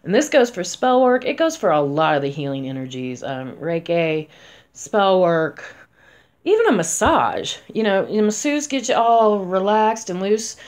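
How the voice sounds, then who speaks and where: A woman in her forties, a spellcaster, talking casually to camera in a chatty, emphatic way, going from loud to soft. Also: mid-range voice, big pitch swings, unhurried. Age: 40s.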